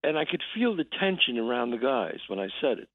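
A man, an actor guest, telling a story in a radio interview over the phone, halting and restarting as he acts out the quotes. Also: mid-range voice, very animated, no room sound. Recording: tinny phone line.

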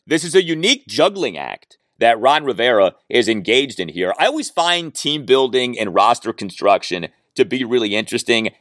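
A man hosts a solo sports podcast in a middle-pitched voice that leaps high and drops low. He's animated and jokes with himself as he goes. The sound is dry with no room echo.

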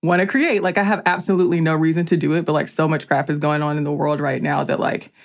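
A woman's voice: low-pitched, steady tone, fast. A woman raised in the American South, chatting casually as a podcast guest, full of "like" fillers and easy laughter. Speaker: guest storyteller.

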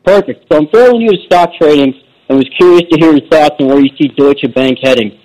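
A man's voice: fairly high pitch, fairly quick, darkish tone, rough recording. A man calling in to a stock show, upbeat and eager. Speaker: caller.

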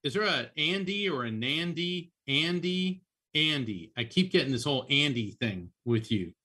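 A man who is a psychic medium, giving animated, chatty readings on a call-in show and often repeating names as he goes. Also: a little high, moderate pace.

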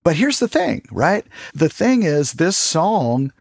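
A man speaking as a guest on a podcast, discussing a song in animated conversation and building to emphatic questions. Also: fairly high pitch, takes it slowly, creaky, no room sound, clean studio sound. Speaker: music journalist, guest.

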